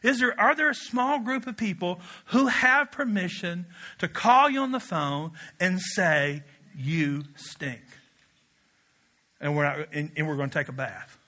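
Animated pastor from Kentucky, bright voice. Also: male voice, high-pitched, unhurried. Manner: animated storytelling with laughs and shouted quotes. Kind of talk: sermon.

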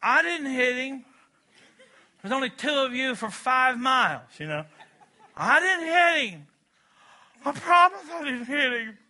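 A man voicing an eager, defensive young boy who tells a lie, in a high, pleading voice. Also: big pitch swings, unhurried, long pauses, sharp tone, full character voice.

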